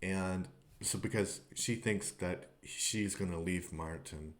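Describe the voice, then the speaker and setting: A man's voice: low voice, slow pace. A man talking casually in a podcast review, rambling with many fillers and restarts. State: tearful at times.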